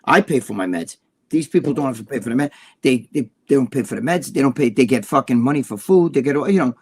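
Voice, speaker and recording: A man's voice: medium pitch, animated, fast, darkish tone, slightly rough. A man co-hosting a casual talk show, ranting bluntly and swearing a lot. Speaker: co-host.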